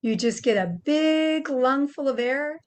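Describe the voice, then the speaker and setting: An older woman gently teaching children how to make animal sounds, explaining each step patiently. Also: high voice, measured pace. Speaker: children's presenter.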